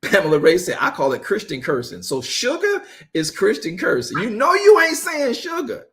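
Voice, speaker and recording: Animated joking man teaching scripture. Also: high voice, moderate pace. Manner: joking, animated, talks straight to the group; repeats himself and restarts phrases. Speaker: apostle teaching a Bible study. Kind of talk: casual Bible study teaching.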